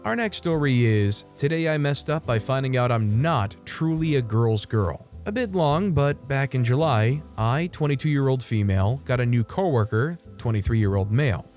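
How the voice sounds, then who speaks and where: A man's voice: mid-range voice, darkish tone. A man casually narrating online stories and adding chatty asides of his own. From United States. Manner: conversational, chatty asides between read passages.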